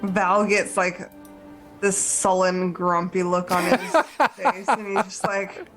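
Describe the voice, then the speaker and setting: A woman's voice: fairly low pitch, steady tone, slow, music in the background, poor audio. A woman describing her character's actions in a tabletop role-playing game. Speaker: player.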